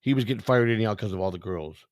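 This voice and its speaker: A man's voice: fairly low pitch, rapid-fire, no room sound, studio quality. A man telling a story from his own past in a casual sit-down chat, swearing freely and acting out what other people said. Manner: profane, acts out the dialogue of others. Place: indoors, sit-down set.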